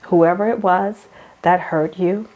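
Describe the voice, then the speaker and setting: A woman hosts a motivational faith talk in a lower-pitched voice. She coaches the listener directly, circling back to the same phrases and calling her girl and hon. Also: steady tone, slow, highs cut off. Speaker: host.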